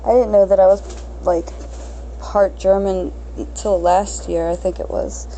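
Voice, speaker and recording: A woman's voice: mid-range voice, steady tone, a little slow, warm tone, slight background noise, poor audio. A woman in her thirties hosting an unscripted solo podcast, crass and blunt, swearing freely and mocking herself. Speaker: podcast host.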